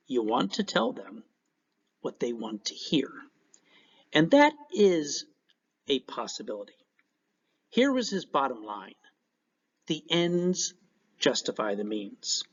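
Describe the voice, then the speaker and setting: Lively husky-voiced male teacher. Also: fairly high pitch. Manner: animated, joking asides. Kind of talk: recorded class lecture. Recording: dull lo-fi recording.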